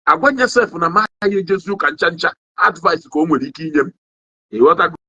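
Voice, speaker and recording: Talking fast, a young Igbo-accented Nigerian man rants to livestream viewers in a casual monologue that feels like a sermon, his slightly high, husky-edged voice rising and falling animatedly. He swaps languages mid-sentence and repeatedly asks "you understand?", all in dull, lo-fi sound.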